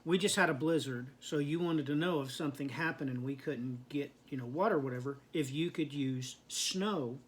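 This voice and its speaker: A man hosting a casual Bible-study chat, prompting with halting, repeated words. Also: on the high side. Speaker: host.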